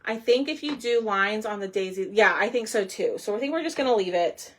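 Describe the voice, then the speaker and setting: A woman's voice: mid-range voice, expressive, brisk, fairly bright tone. Chatty woman crafting live. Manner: chatty, thinks aloud while working. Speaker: crafting livestream host. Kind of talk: casual live crafting chat.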